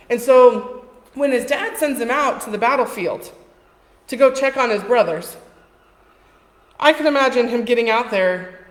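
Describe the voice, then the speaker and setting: A woman giving an informal, conversational sermon in a church, telling the story with quoted voices. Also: fairly high pitch. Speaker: preacher. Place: church hall. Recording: echoey hall with long reverb.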